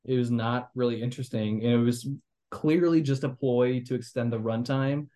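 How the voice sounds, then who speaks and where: A man's voice: mid-range voice, fairly even intonation, normal speed, dark tone. A young man hosting a podcast, rambling critically about a movie with lots of fillers and restarts. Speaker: podcast host. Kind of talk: casual movie review chat.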